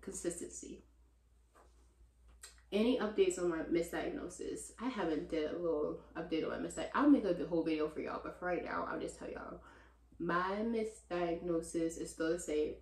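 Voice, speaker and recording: A woman in her twenties answers viewer questions in a casual vlog, calling her audience "y'all" and turning loud and animated when she vents. Her voice sits on the low side at normal speed, and the room gives a noticeable echo.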